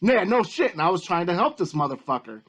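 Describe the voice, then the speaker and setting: A man with a rather high voice, delivering a heated, profanity-laced rant. He talks in agitated bursts, restarting and repeating himself as he builds his case. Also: sing-song, fast talker, fairly bright tone, breathy edge. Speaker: YouTube commentator. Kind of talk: angry ranting commentary.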